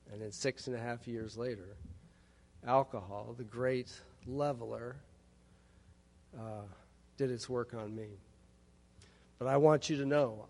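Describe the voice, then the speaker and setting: A man in his fifties from Texas, telling his recovery story to a meeting with wry, humorous asides. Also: medium pitch. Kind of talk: personal testimony talk. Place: large hall at a conference. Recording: long hall reverb.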